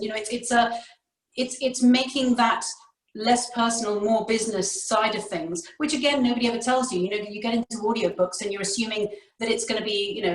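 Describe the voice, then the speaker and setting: A woman's voice: fairly high pitch, steady tone, a little fast. Wry British RP woman on a roomy call. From Britain. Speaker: audiobook narrator guest. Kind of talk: casual panel chat. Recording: roomy, distant mic.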